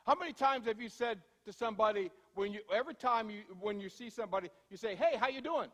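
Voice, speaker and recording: A man preaching a sermon as pastor in a church, telling everyday stories in a conversational way, slowing down to stress points and speeding through asides. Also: high-pitched, fairly bright tone, long reverb tail. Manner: conversational storytelling, shifting from slow emphasis to quick asides. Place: church sanctuary.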